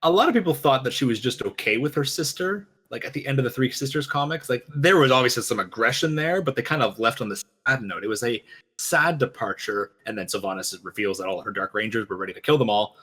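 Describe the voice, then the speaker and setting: A man co-hosting a game lore reaction show, talking fast and animatedly, acting out quoted lines. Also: medium pitch, animated, bright, forceful tone, breathy edge. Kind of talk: casual chat, lore analysis.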